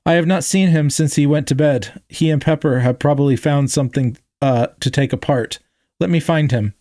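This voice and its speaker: A man's voice: fairly high pitch, moderate pace, warm tone, dry recording, close to an everyday voice. Formal alien lady, as a man puts her on, careful stiff phrasing, slightly raised voice, storybook, dry sound. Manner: stiff formal speech without contractions. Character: formal polite female alien team leader.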